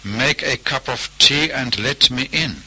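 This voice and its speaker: A man's voice: mid-range voice, measured pace, bright, forceful tone, breathy edge, full character voice, poor audio. A man voicing a vengeful, mighty male fire spirit that calls out insistently in a storybook tale. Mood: menacing.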